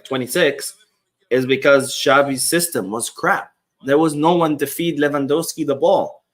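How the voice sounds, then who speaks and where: A man runs a casual livestream during a football match. He reads chat messages aloud and riffs on them with blunt, opinionated commentary. His voice sits at an ordinary middle pitch and sounds relaxed and conversational. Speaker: livestream host reading chat.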